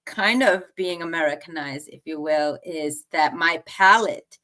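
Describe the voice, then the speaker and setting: Lively woman guest with a lower voice. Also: a little slow. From Colombia, raised in the United States. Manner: animated, laughing storyteller. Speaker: guest, motivational speaker. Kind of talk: casual interview chat.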